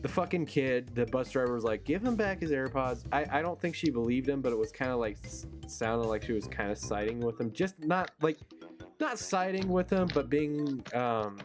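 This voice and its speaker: A man's voice: medium pitch, animated, moderate pace. A young man hosting a casual gameplay chat, telling a story in a profane, ranting way. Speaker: gaming channel host. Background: game music.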